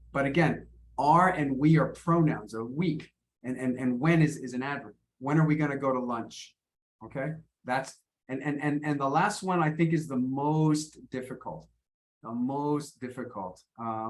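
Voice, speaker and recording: An American man leads an online English lesson at a middle pitch. He explains patiently but haltingly, stumbling over and repeating his words as he goes. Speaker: English teacher.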